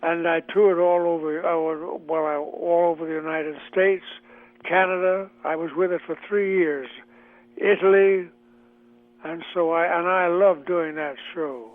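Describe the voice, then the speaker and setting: A man's voice: on the high side, steady tone. Older male comic-actor guest, phone-quality audio, chatty with lots of fillers. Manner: chatty, halting with many fillers. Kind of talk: radio interview, reminiscing. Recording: tinny phone line.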